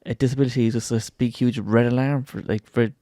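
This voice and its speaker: An Irish man talking as a podcast guest in casual chat, soft-spoken, reflective and a little halting. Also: mid-range voice, steady tone, no room sound.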